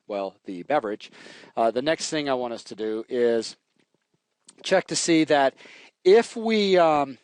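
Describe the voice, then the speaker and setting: A man's voice: mid-range voice, no room sound. Chatty man teaching code, dry sound. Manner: relaxed, jokey, talks while typing. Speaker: programming instructor. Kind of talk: live coding tutorial.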